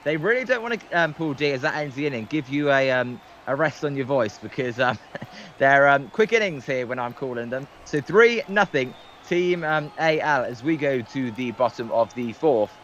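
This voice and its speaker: A man's voice: mid-range voice, animated, normal speed, a bit bright, highs cut off, a little hiss or hum. A man calling baseball play-by-play on a livestream, hesitant and full of filler ums. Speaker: guest play-by-play commentator.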